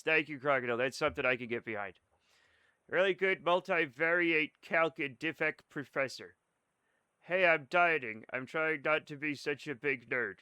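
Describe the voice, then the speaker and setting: A man's voice: on the high side, bright, forceful tone, smooth, no room sound. A young man streaming a game, chatting casually and sarcastically with his chat and swearing now and then. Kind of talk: casual chat reading live chat while gaming.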